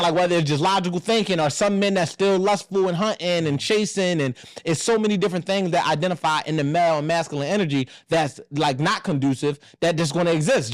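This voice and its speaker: A man in his thirties hosting a casual podcast discussion, animated and blunt, acting out family voices and swearing freely. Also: on the high side, no room sound, clean studio sound. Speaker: podcast host.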